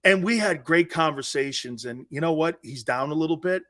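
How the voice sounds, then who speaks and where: A man hosting live sports talk, with a voice sitting a bit higher than most men's. He tells stories with lots of animation, dropping to hushed asides and then surging loud. His banter is blunt and swaggering. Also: moderate pace. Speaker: sports talk show host.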